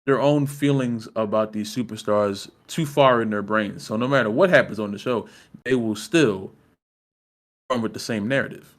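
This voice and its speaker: Emphatic man repeating his point. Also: fairly low pitch. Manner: emphatic, repeats himself, slow and insistent. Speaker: podcast co-host. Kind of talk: casual wrestling chat.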